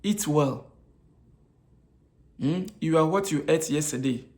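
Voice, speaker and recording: Taking it slowly, a man with a fairly high pitch and a darkish tone delivers an informal talk on nutrition. Originally from Africa, he answers his own rhetorical questions, repeats his key points, and hesitates often with fillers.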